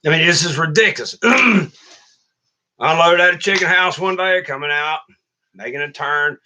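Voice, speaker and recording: A man's voice: a little high, unhurried, noisy background. A middle-aged man who hosts a channel and drives trucks, telling stories in a blunt, profane, complaining rant to his viewers. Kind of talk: casual livestream rant.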